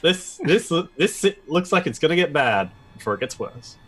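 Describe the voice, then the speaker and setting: A man's voice: fairly high pitch, big pitch swings, normal speed, fairly bright tone, breathy edge. A man playing in a tabletop role-play game who chats casually and upbeat with the group. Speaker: player. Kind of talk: casual chat. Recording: faint background music.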